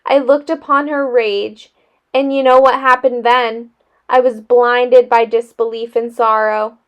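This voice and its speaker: A woman's voice: a little high, steady tone, measured pace, clear, resonant tone, natural voice. A woman reading a storybook aloud, voicing a dramatic boy who talks in a formal, self-pitying way. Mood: sorrowful. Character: dramatic, wordy boy with dark glasses.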